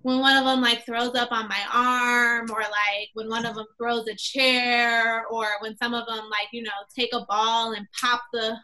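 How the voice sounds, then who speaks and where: Young female teacher, bright higher voice, animated storyteller. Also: normal speed, few pauses. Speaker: kindergarten teacher, guest. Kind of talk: casual podcast chat.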